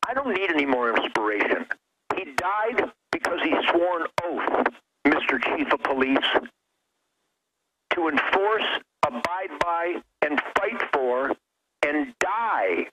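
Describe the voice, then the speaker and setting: A man's voice: a little high, big pitch swings, measured pace. Fiery middle-aged man on a noisy line. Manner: fiery, emphatic, preacherly. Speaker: radio show guest. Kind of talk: impassioned political talk radio rant.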